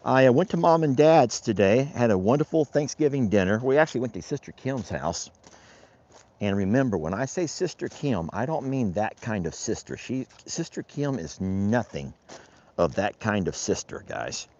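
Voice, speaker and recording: Very animated and moderately paced, this man's medium-pitched voice has a darkish tone. He's a rancher rambling folksily through a casual chores vlog outdoors, talking to his animals, on a dull lo-fi recording.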